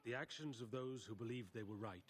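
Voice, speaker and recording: A man's voice: medium pitch, a little hiss or hum, close to an everyday voice. A man playing a solemn old elf elder. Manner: grave, measured, formal. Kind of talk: video game voice acting.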